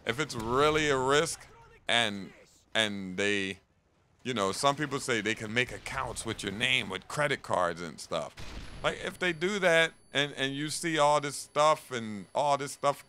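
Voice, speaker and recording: A young man chatting casually and profanely while playing a video game, rambling and animated. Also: mid-range voice, unhurried, slight background noise. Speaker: gaming streamer. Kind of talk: casual gameplay commentary.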